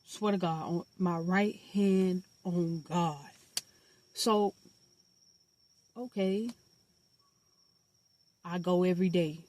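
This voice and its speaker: A woman's voice: fairly low pitch, takes it slowly, pauses often, a little hiss or hum. Blunt, slangy young woman telling a story. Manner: animated, blunt and profane, with slangy asides. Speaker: storytime vlogger. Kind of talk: casual storytelling.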